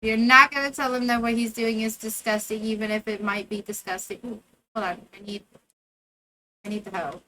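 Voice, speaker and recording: A woman's voice: fairly high pitch, fairly even intonation, moderate pace, bright, forceful tone, slight background noise. A woman streamer giving casual gameplay commentary, playfully talking to the game characters and to herself.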